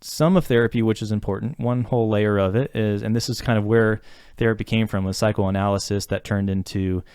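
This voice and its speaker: A man with a fairly low voice talks earnestly on a podcast, circling his thoughts with fillers and restarts. The sound is dry and close, with no room around it. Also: steady tone, a little fast, darkish tone, smooth, no room sound. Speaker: podcast co-host talking about therapy. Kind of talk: casual podcast conversation.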